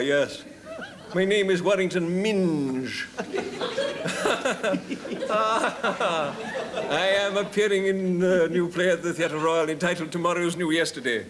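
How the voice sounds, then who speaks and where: A man's voice: sits high, normal speed, pauses often, crowd noise, pitched above the performer's own voice, lightly acted. An English man playing a pompous old male stage actor on tour who talks in grand, flowery theatrical phrases. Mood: grandiloquent. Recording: 1970s TV studio recording, faint hiss.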